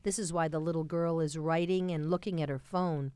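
A woman reads comic strips aloud in a relaxed, low voice and fixes her own slips as she goes. The sound is dry and close. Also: fairly quick, clear, resonant tone, dry recording. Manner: casual, with self-corrections. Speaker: comics reader.

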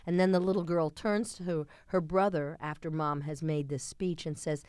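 A woman reads comic strips aloud in a relaxed, low voice and fixes her own slips as she goes. The sound is dry and close. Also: moderate pace, hardly any pauses, smooth, no echo. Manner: casual, with self-corrections. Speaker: comics reader.

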